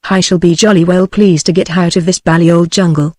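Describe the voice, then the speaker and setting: A woman's voice: fairly low pitch, fairly even intonation, brisk, warm tone, no echo, clean studio sound, natural voice. British woman reading as a polite English manservant. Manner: plain synthetic reading.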